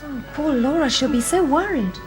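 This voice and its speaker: A woman's voice: high voice, animated, normal speed, over music. An actress playing an earnest, well-bred young woman who speaks politely and with concern. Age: young adult. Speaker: granddaughter of the household.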